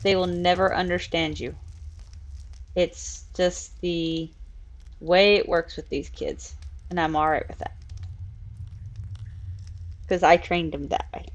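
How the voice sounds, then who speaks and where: A woman's voice: lowish voice, steady tone, takes it slowly, long pauses. A woman hosting a casual live stream, chatting and laughing while she builds in a virtual world and coos at her cats. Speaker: streamer and show host.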